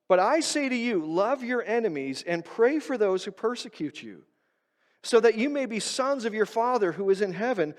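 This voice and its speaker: A male pastor giving an emphatic sermon, pushing his stresses loud and then dropping to quiet, low asides. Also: in a large hall. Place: church sanctuary.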